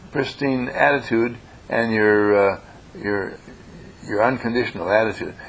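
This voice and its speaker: A man leading a workshop, gently critiquing students' written work with a meandering delivery full of hesitations. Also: mid-range voice, vocal fry, slight background noise. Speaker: workshop teacher. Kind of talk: classroom feedback on student writing.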